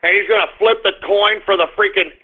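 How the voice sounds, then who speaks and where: A man's voice: high voice, steady tone, fairly quick. A man hosting a radio show, ranting angrily and profanely between blunt market reports. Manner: angry, profane ranting with abrupt swings into shouting. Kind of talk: ranting talk radio monologue. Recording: narrow phone-line sound.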